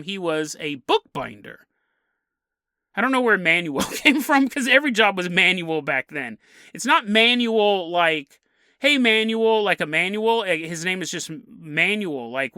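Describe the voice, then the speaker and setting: A man's voice: sits high, bright, forceful tone, no room sound, studio quality. A man hosting a podcast, telling a ghost story in a casual, joking way and laughing often as he acts out characters' lines. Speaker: podcast host.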